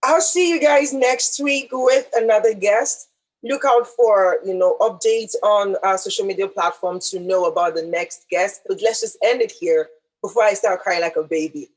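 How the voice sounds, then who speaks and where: A woman hosts a casual podcast interview, reacting with effusive emotion. Her voice has a husky edge. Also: mid-range voice, normal speed, low-quality recording. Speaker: podcast host.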